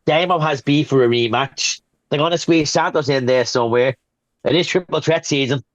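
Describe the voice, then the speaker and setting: A man co-hosting a casual wrestling podcast, telling stories in a rapid rush. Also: on the high side, dry recording, highs cut off. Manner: rapid storyteller, acts out quotes. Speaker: podcast co-host. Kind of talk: casual chat.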